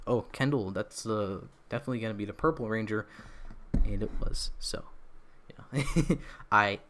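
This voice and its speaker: This young livestream host speaks at a medium pitch with a slightly bright edge. He rambles through his opinions, full of fillers, restarts and little laughs, while his throat feels a bit off.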